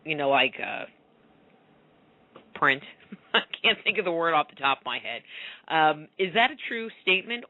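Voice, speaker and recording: A woman's voice: deep voice, bright, forceful tone, muffled recording. A woman hosting a radio interview, asking questions casually and searching aloud for her words. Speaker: radio show host.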